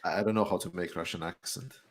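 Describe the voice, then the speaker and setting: A man's voice: deep voice, steady tone, fast. A man appearing as a guest YouTuber in a live Q&A chat, speaking bluntly and sarcastically.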